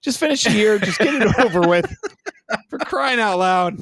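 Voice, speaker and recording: High-voiced man ranting about hockey. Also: lively intonation, moderate pace, a bit bright, no echo, clean studio sound. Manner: exasperated, ranting, sarcastic. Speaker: podcast co-host. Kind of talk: casual hockey fan chat.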